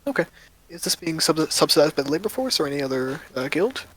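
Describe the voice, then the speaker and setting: A man voicing a nervous young female shop employee, hurried and apologetic. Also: low-pitched, big pitch swings, background noise, pitched above the performer's own voice. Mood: friendly.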